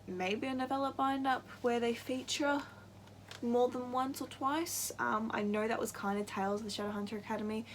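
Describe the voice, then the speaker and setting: Young woman book vlogger, everyday mid-range voice, gushy and easily worked up, with a faint hiss behind her. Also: mid-range voice. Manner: gushing and excitable, laughs often, gets worked up. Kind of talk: casual book-tag vlog.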